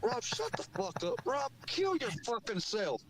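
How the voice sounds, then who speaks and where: A man calling into a sports podcast, yelling insults and threats at the host. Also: extremely high pitch, sing-song, measured pace, a loud crowd. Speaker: caller. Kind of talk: heated sports call-in argument.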